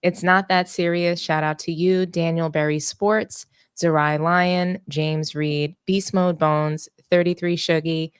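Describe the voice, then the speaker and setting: Woman on a sports podcast reading member names, smooth low-ish voice, dry close sound. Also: fairly even intonation, slow pace, few pauses, no room sound. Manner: cheerful, upbeat listing of names. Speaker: podcast co-host.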